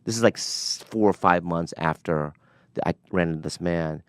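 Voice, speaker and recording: Comedian guest in his forties, low smooth voice, animated storyteller, dry studio sound. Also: moderate pace, no echo. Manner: animated storyteller, acts out quotes. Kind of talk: casual storytelling chat.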